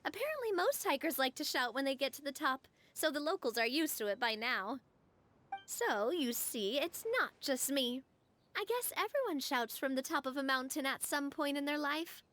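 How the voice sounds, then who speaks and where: A bright, teasing young woman. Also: high-pitched, expressive, normal speed. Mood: cheerful. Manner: breezy and encouraging. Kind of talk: game dialogue voice acting. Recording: game cutscene with faint music.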